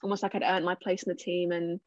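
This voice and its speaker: Chatty young Englishwoman, flat delivery. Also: fairly low pitch, fast talker, dry recording, highs cut off. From England. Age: 20s. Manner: chatty, self-deprecating, many fillers. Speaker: cricketer guest. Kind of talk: casual interview answers.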